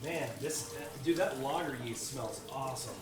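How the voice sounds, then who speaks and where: A man's voice: medium pitch, normal speed. A man co-hosting a live brewing stream, laid-back and teasing his partner. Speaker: livestream co-host. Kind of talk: casual chat. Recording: echoey room, off-mic from a distance.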